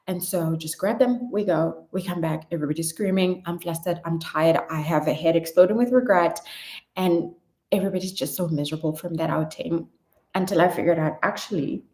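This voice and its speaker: A chatty woman vlogger answering viewer questions in a casual Q&A. Her voice sits a little low and sounds through an echoey room. She is animated, laughs easily and sometimes trails off. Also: fairly quick. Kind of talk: casual Q&A vlog chat.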